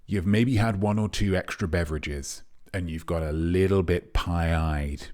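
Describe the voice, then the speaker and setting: A man's voice: unhurried, a little mellow. Rambling, theatrical man hosting a quiz. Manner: theatrical, rambling, self-important artiste persona with sudden pitch jumps. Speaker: quiz host. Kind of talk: character comedy livestream quiz.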